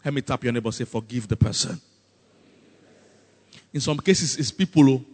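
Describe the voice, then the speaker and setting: A man with a Nigerian accent preaching a sermon as pastor, animated and often breaking into comic voices. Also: medium pitch, quick pace, long reverb tail.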